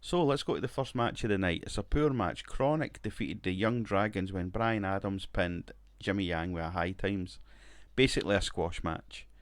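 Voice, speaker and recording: A man's voice: low voice, moderate pace, few pauses, no room sound. A man casually commenting on his wrestling management game, rambling, swearing and laughing now and then. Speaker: gaming video creator.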